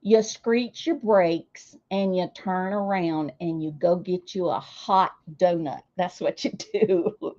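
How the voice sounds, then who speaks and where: A woman's voice: on the low side, takes it slowly, a little mellow, dull audio. A woman hosting a casual livestream, chatting with viewers and calling out their names with a chatty, self-deprecating manner. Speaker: livestream host.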